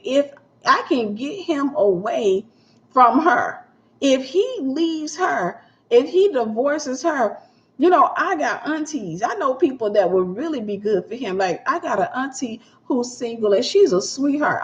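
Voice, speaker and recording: A woman minister delivers a teaching sermon in a relaxed, conversational way, repeating her main points and acting out small scenes. Her voice sits fairly high. The recording is dull and lo-fi. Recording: dull lo-fi sound.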